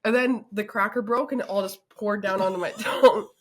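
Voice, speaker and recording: Husky woman groaning through hot sauce. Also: mid-range voice, steady tone, brisk. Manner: reluctant, groaning, coughing and laughing. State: mouth burning from hot sauce. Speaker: podcast co-host. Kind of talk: casual chat.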